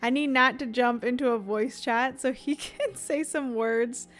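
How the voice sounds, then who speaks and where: A woman's voice: fairly high pitch, unhurried, a bit bright, faint music behind. A young woman streamer chatting casually and giggling as she rambles through a livestream.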